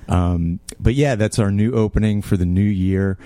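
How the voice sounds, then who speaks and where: Guy cohosting a chat podcast, really low voice, upbeat, enthusiastic. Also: moderate pace, mellow, no echo. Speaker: podcast co-host. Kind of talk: casual chat.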